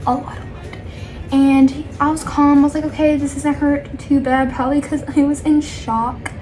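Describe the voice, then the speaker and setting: A woman with a high voice tells a casual storytime while doing her makeup. She talks in a chatty, animated way, wanders into asides and laughs often, with faint music playing behind her. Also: moderate pace. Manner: rambling with many asides. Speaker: storytime vlogger.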